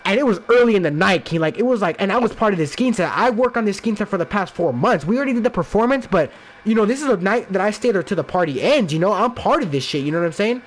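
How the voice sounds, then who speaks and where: A man's voice: high voice, lively intonation, quick pace. A young man from the Los Angeles area, a podcast guest, telling a rambling, profane personal story in casual chat, full of "like" and restarts. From Los Angeles area, USA.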